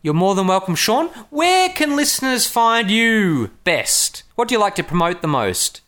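High-voiced, playful podcast host. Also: male voice, very animated, measured pace, fairly bright tone. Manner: laughs often, playful and joking. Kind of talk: casual podcast chat.

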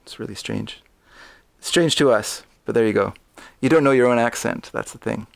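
A man's voice: medium pitch, moderate pace, creaky, no echo. A Canadian man with a Vancouver accent, chatting casually as a podcast co-host, often laughing and trailing off mid-sentence. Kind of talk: casual chat.

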